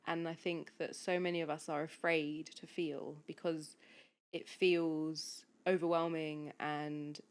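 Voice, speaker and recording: A woman with a lowish voice talks as a podcast guest. She is soft and earnest, and her sentences flow along with plenty of fillers in a relaxed conversation. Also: unhurried, smooth. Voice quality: soft, flowing, earnest delivery with many fillers. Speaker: podcast guest, hypnotherapist and coach.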